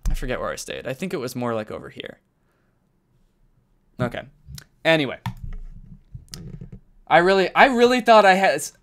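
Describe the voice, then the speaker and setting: Playing a game from a carpeted room at home, a man chats casually with his live-stream viewers and breaks into loud exclamations when excited. His voice is a little high.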